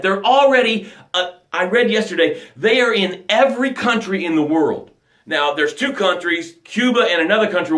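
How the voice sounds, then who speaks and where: A man with a fairly high voice gives a motivational talk, in the manner of a coach. He is emphatic, rising to loud bursts and dropping to hushed lines. The room around him is echoey.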